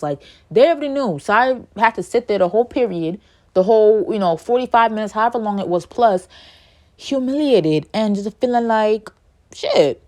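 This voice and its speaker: Young woman w/ doing a storytime, animated and indignant, voice shoots way up when she's heated. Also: medium pitch, fairly quick. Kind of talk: casual storytime.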